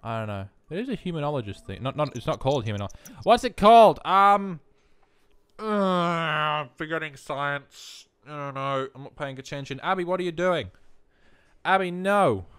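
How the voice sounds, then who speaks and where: A man's voice: a little high, big pitch swings, moderate pace, fairly bright tone, clear, resonant tone, no echo. A man giving rambling, self-mocking let's play commentary alone in his room, full of jokey asides. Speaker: gaming commentator.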